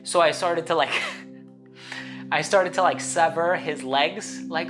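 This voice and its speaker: A woman's voice: low-pitched, takes it slowly. A woman hosting her own channel, telling a story to the camera in a chatty, rambling way, full of fillers and restarts. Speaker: channel host. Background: guitar music.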